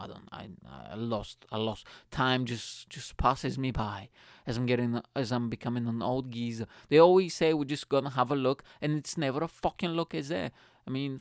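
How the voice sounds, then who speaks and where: On his own podcast, a man with a mid-range voice chats his way through funny stories, swearing without restraint and frequently addressing listeners as "mate." The sound is dry and close-miked.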